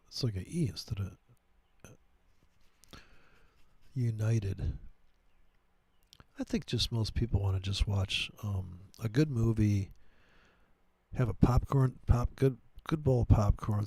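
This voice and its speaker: Gravelly, husky man ranting crudely. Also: fairly low pitch, darkish tone, dry recording. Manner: crude, mocking, puts on silly voices for quotes. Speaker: trading livestream host. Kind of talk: rambling profane political rant.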